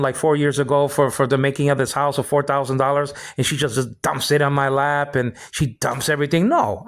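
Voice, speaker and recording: Older man ranting with stammered restarts. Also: medium pitch. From Philippines. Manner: repetitive, stammering restarts, heated. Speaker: vlog host. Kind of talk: rambling personal monologue.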